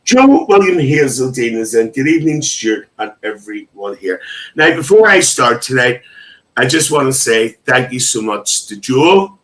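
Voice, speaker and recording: Chatty livestream host, bright. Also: male voice, medium pitch, sing-song, measured pace, low-quality recording. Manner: emotional, chatty, laughs often. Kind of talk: casual live chat reading comments.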